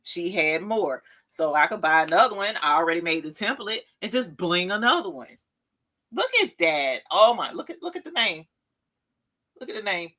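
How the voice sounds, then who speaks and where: An excitable woman in her forties hosts a casual live craft stream and chats straight to her viewers. Her voice is bright and forceful, and it leaps around a wide pitch range whenever she gets excited. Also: normal speed. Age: 40s. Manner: gushing, excitable exclaiming; talks straight to viewers as "y'all". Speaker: craft show host.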